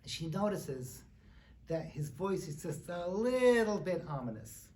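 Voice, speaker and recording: A man giving a humorous sermon as a rabbi, animated and joking with fillers. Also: high voice, a little slow. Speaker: rabbi lecturer. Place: synagogue lecture.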